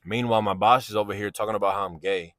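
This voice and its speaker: Casual storyteller, male, low-pitched, rambling slang delivery, dry close sound. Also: fairly even intonation, racing, a bit bright, no echo. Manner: slangy, rambling, keeps asking "you know what I'm saying". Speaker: vlogger telling a personal story.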